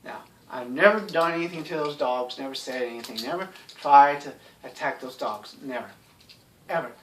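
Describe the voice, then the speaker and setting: A man's voice: mid-range voice, moderate pace, a bit bright, far from the mic, slight background noise. A man talking in a casual, rambling monologue, blunt and sarcastic, with lots of "you know" fillers. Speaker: YouTube commentator.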